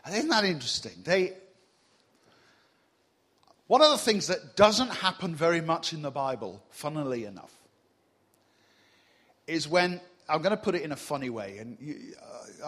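A male preacher giving a sermon to a congregation in a church, animated and humorous, teasing the room with rhetorical questions. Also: a little high, moderate pace, long pauses. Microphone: mic on a stage.

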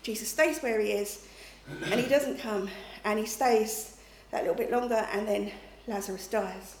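A middle-aged woman preacher gives a conversational sermon in a medium-pitched, darkish voice at a moderate pace. She's chatty and keeps checking in with listeners using "okay?" and "you know." The recording has an echoey room and faint background noise.

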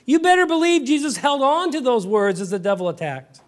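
A male pastor preaching a sermon, moving from hushed storytelling to raised, emphatic exclamations. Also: very high voice, brisk.

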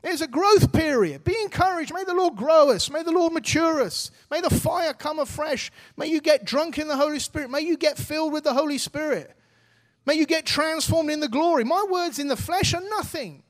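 Guy preaching a sermon, really high voice for a man, earnest and urging, talks casual. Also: normal speed. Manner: earnest, exhorting, casual phrasing.

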